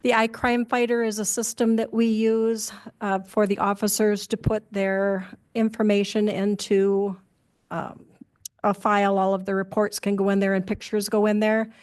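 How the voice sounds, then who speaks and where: Woman police clerk going over duties at a city meeting, flat even voice, lots of uhs. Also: medium pitch, normal speed, smooth. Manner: plain, matter-of-fact, many fillers.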